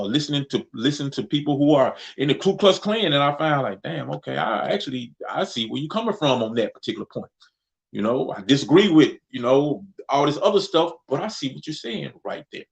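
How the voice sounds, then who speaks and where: A man in his thirties from Mississippi speaks with a Southern accent in a relaxed, conversational way. His voice is gravelly and sits at an ordinary pitch. He talks as a podcast co-host, thinking aloud and circling back on his words. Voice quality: relaxed, conversational vernacular with frequent restarts. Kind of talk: casual discussion, responding to chat.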